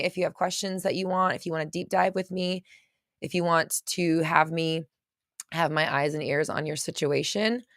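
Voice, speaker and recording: A woman's voice: lowish voice, fairly bright tone, no room sound, clean studio sound. A woman from California, a mindset coach hosting a casual livestream. She chats and rambles as she reads viewer comments, often laughing and gasping. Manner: chatty, rambling, quick to laugh and gasp.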